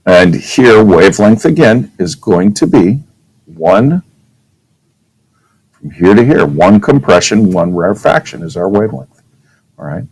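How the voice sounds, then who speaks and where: Male teacher, deep voice, relaxed classroom lecture style that keeps checking in with the class. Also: unhurried, gravelly, pauses often, breathy edge, no echo, rough recording. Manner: casual, checks in with "okay?", demonstrates with his own voice.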